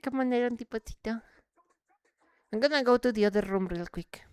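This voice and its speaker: Woman streamer, excitable and chatty, mixes English with Spanish, smooth high-ish voice, dry close mic. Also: brisk. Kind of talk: casual live-stream chat while gaming.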